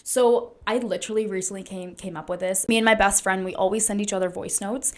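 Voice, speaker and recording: A young woman, a wellness coach, giving earnest, chatty motivational advice to camera, full of "like" fillers and now and then dropping to a soft whisper. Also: medium pitch, fairly even intonation, brisk. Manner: sometimes drops into a soft whisper. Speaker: naturopathic doctor and wellness coach. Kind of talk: casual motivational talk to camera.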